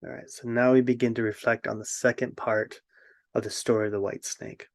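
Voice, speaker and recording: A man's voice: medium pitch, little pitch movement, brisk, creaky, dry recording. Reflective male storyteller, dry close sound. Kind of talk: reflective fairy-tale storytelling.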